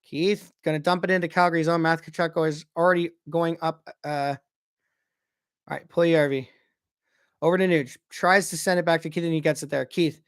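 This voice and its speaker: Excitable male hockey fan calling plays. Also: fairly high pitch, moderate pace, smooth. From Canada. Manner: excitable, swears, shouts at goals. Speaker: fan commentator. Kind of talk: casual play-by-play watch-along.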